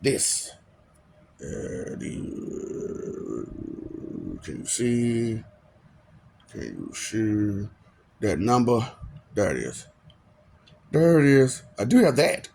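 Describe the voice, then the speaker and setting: A man's voice: mid-range voice, huge pitch swings, very slow, creaky, pauses often, a little mellow, a little hiss or hum. A man, talking in a casual rambling monologue and laughing often between lines. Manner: laughs often, breaks into sing-song bits and mocking voices.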